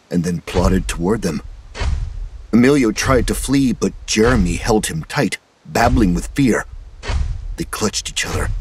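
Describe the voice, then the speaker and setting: A man narrating a horror story in a measured, dramatic manner. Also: fairly low pitch, slight background noise.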